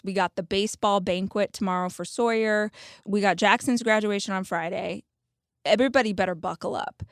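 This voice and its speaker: Vrouwelijke podcasthost, jaren veertig, levendig vertellend, droge opname, gemiddelde toonhoogte. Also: female voice, mid-range voice, moderate pace, no room sound, studio quality. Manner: animated, expressive storyteller. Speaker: podcast host. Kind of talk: casual chat.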